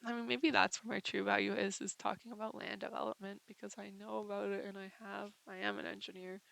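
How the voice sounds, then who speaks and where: A woman's voice: medium pitch, level tone, quick pace, gravelly, a bit bright, low-quality recording. A young woman talking in a casual confessional vlog, rambling and hesitant with lots of fillers. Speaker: vlogger.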